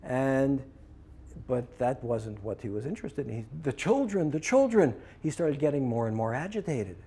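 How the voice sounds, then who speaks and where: A man telling a personal story to trainees, lively and acting out both sides of the conversations he recounts. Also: medium pitch, moderate pace, slightly rough. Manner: animated, acts out both sides of a dialogue. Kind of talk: storytelling talk.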